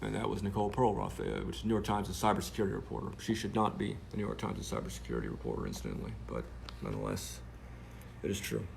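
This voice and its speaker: A man's voice: deep voice, very animated, fast talker, creaky, a little mellow, a little hiss or hum. A man telling a story to camera in a sardonic, rambling way, with many fillers.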